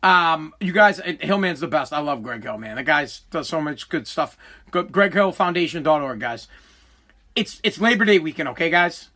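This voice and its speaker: A high-voiced man with a Boston accent rants on his podcast, loud and combative, swearing freely. His tone is bright and pushy, and he hammers his points over and over. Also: animated, normal speed. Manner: loud, combative ranting with profanity. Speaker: podcast host. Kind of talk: ranting solo podcast.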